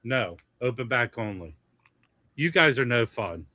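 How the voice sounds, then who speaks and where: Bright-voiced man hosting a casual livestream. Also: medium pitch, expressive, measured pace, no echo. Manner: chatty, jumps between topics. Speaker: livestream host. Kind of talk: casual chat.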